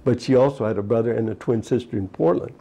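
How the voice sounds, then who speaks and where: A man's voice: medium pitch, quick pace, gravelly, dark tone. A man in his eighties, a retired fisherman, recalling his childhood in a rambling oral history interview, full of "you know" asides. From United States. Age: 80s.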